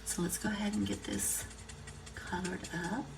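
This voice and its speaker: Here a middle-aged card-making instructor talks at normal speed in a medium-pitched, gravelly voice with flat delivery. Her crafting tutorial is casual, chatty and full of thinking aloud as she works. It's recorded in a noisy room with the mic far away.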